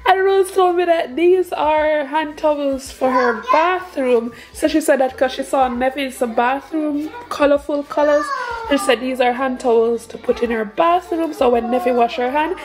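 A woman's voice: sits high, normal speed. A young woman, a mother, gushing and emotional as she unboxes gifts in a casual vlog, laughing often. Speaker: family vlogger, mother.

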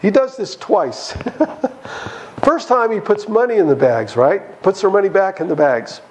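A man's voice: high voice, a little slow, a little hiss or hum, low-quality recording. A man teaching a church Bible study, asking the listeners questions and acting out the characters' lines. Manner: animated, acts out voices of the characters, asks the audience questions. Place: church hall.

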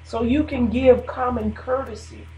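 A woman's voice: fairly high pitch, fairly even intonation, measured pace, darkish tone, a little hiss or hum. Woman on the radio, casual preachy chat, laughs a lot, echoey room. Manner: chatty, preachy, laughs between points. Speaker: radio host. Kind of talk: casual faith talk on radio.

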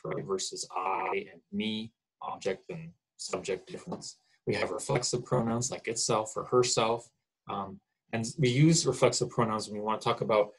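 A man's voice: fairly low pitch, poor audio. A man teaching a college English grammar lesson, explaining terms and checking in with "okay?" and "right?". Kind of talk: recorded grammar lecture.

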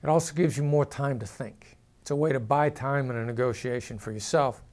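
A former negotiator, a man, explaining negotiation to camera in a measured way, sometimes lowering his voice to show a firm tone. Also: a little mellow. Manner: measured, drops pitch and volume to demonstrate firm downward inflection.

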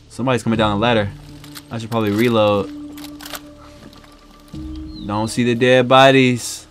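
A man casually commenting on his own gameplay, chatty and breaking into loud excited yelps. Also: mid-range voice, normal speed, pauses often, faint music behind. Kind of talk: casual let's-play commentary.

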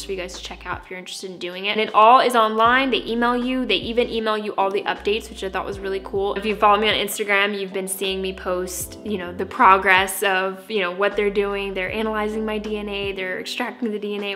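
Bubbly young American woman vlogging. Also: mid-range voice. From United States. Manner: bubbly, animated, playfully dramatic. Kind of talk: casual vlog talk to camera.

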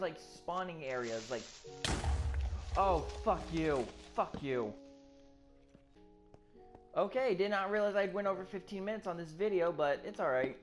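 Clear background music runs beneath the whole clip as a let's play gamer, at a middling pitch, narrates live gameplay. The talk swings from startled yelps to muttered asides, full of constant cursing.

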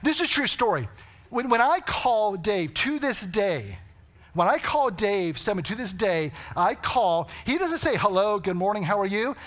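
A man's voice: high voice, sing-song, normal speed, a bit bright. A man preaching a sermon, telling stories and asking the congregation rhetorical questions. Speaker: pastor. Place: church sanctuary.

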